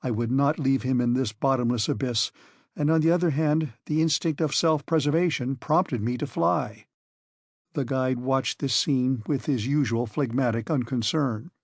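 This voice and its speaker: A male audiobook narrator with a husky, mid-range voice reads scripted narration at normal speed. The recording has no echo.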